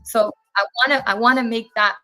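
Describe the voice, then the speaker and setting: A woman's voice: a little high, fairly even intonation, brisk, bright, forceful tone, soft background music. A woman in her twenties, a guest telling a personal story in an earnest, indignant way and acting out each exchange as she goes. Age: 20s.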